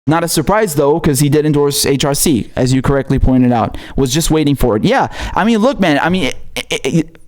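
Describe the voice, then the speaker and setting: A man's voice: on the high side, darkish tone. A man hosting a livestream of political commentary. He reads viewer messages and rants angrily, with lots of swearing. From outside the United States. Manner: angry, profane ranting with laughter.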